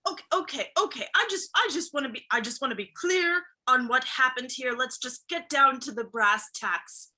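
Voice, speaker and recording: A woman's voice: sits high, animated, moderate pace, hardly any pauses, pushed and bright, exaggerated voice. A woman voicing a big, anxious male orc scientist who stammers and frets. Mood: flustered. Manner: flustered, stammering, exasperated.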